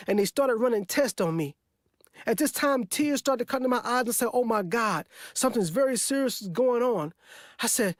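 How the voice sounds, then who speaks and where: A man's voice: very high-pitched, no echo. Man, 40s, motivational speaker, earnest repetitive testimony, dry close sound. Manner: earnest, repetitive, emphatic retelling. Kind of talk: personal testimony storytelling.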